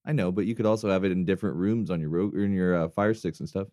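A man co-hosting a podcast in relaxed, casual chat, often tacking "bro" onto his sentences and trailing off quietly. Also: deep voice, fast. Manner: laid-back, says "bro" a lot, drops to a mumble at times. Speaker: podcast co-host.

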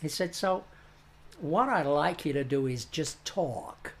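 Older stage actor telling an animated story. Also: male voice, on the high side, slow. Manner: animated, acts out the people he quotes. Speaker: stage actor, interview guest. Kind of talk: anecdotal storytelling.

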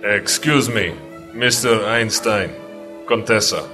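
A man's voice: on the low side, slow pace. An actor playing a stiff, formal, polite henchman in a game, with music underneath.

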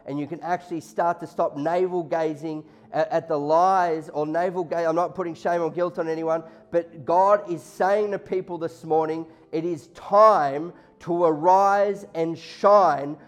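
A man's voice: fairly high pitch, darkish tone. A man preaching a sermon to a congregation, impassioned, often acting out God and listeners in quoted lines. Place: church hall before a congregation. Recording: faint music behind.

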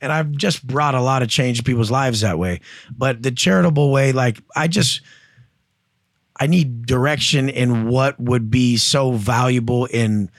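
A man's voice: medium pitch, measured pace, dry recording, studio quality. Blunt, profane man telling stories. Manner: profane, blunt, acts out quoted voices. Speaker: entrepreneur and coach, podcast guest. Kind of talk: casual interview storytelling.

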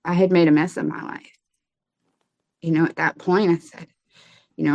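Brief: woman guest, lower voice, hesitant testimony, dry lo-fi recording. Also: level tone, creaky, darkish tone, no echo. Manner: halting, many fillers and restarts. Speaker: guest telling her story. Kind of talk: personal testimony in an interview. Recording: dull lo-fi sound.

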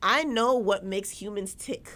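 A woman's voice: mid-range voice, measured pace, fairly bright tone. A woman co-hosting a podcast in casual chat, candid and emphatic, often restarting her sentences. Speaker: podcast co-host.

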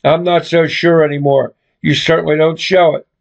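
A man's voice: fairly high pitch, level tone, normal speed, creaky. A man voicing a fed-up young woman who confronts her boyfriend bluntly and swears freely, on a dull lo-fi recording. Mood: resentful.

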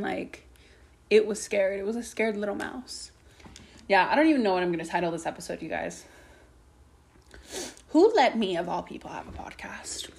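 A woman's voice: medium pitch, husky. A young woman hosting her own podcast, rambling casually from topic to topic and swearing a lot. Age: young adult. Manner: chatty, swears a lot, jumps between topics. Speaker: podcast host.

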